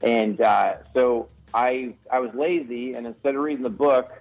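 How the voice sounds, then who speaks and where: A man's voice: mid-range voice, fairly even intonation, moderate pace, creaky, a little mellow. Rambling man telling a comedy story. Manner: self-deprecating, rambling with restarts and laughs. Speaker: guest comedian. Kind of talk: casual radio interview storytelling. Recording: slightly dull radio broadcast audio.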